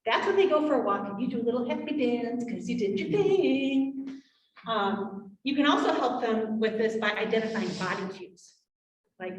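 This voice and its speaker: Woman workshop presenter, animated, heard from afar in an echoey meeting room. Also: on the high side, normal speed. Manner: animated, acts out parent and child quotes. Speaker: presenter on trauma for parents. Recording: roomy, from far off.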